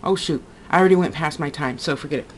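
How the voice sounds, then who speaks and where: A woman's voice: deep voice, fast talker, a little hiss or hum. A woman talking to her camera in a casual, heartfelt vlog monologue, rambling and repeating herself as she goes. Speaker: vlogger.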